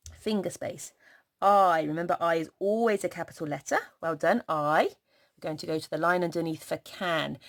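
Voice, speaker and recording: A woman teaches small children to write a sentence. She speaks slowly in a sing-song, encouraging way, stretching out each letter sound as she goes. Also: sits low, gravelly. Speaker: primary school teacher.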